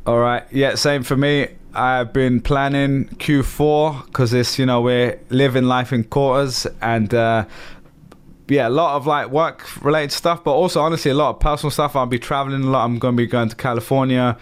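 A man's voice: medium pitch, fairly even intonation, normal speed, smooth. A man with a London accent hosting a podcast in a casual, upbeat way. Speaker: podcast host. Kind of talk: casual chat.

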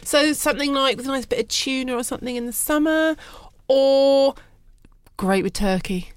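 A woman explaining wines in a relaxed, knowledgeable chat. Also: sits high. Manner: explains wine knowledgeably, quick and chatty. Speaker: wine expert guest. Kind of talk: casual chat.

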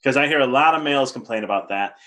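Guy hosting a podcast, bright tone, keeps restarting his sentences. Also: medium pitch. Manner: halting, with many restarts and fillers. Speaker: podcast host. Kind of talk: interview questions.

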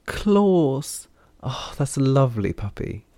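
A man's voice: sits low, steady tone, a little slow, creaky, warm tone, slightly rough, no room sound, full character voice. A man voicing a bubbly, teasing four-armed female creature in an audiobook, theatrical and coy. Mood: gushing.

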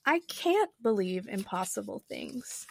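A woman's voice: medium pitch, big pitch swings, measured pace, vocal fry, a little mellow, husky, no echo, exaggerated voice. A woman reading aloud and voicing a polite, sensible little girl who asks puzzled questions.

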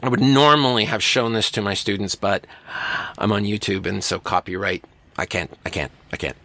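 A university English instructor with a voice on the low side speaks at normal speed in a recorded writing-class lecture. He keeps it casual and animated, acting out the voices of people he quotes.

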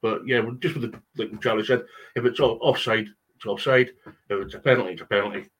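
A man, a podcast guest, giving measured opinions with many pauses and ums. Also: medium pitch, a bit bright, slightly rough. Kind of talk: podcast discussion.

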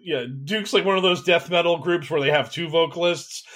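A man hosts a podcast in loose, jokey chat. His voice sits a bit high and he teases himself as he talks. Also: fairly bright tone. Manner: playful, self-mocking, quick. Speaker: podcast host.

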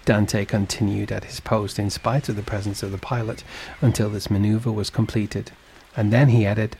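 A man narrating a sleep story in a calm, measured reading voice. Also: lowish voice, vocal fry, a little hiss or hum.

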